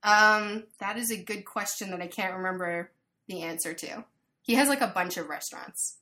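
A woman chatting casually, telling an animated story full of fillers. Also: mid-range voice, moderate pace. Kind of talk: casual chat.

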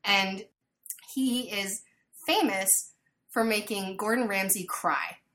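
A woman chatting casually, telling an animated story full of fillers. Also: medium pitch, takes it slowly, slight background noise. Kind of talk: casual chat.

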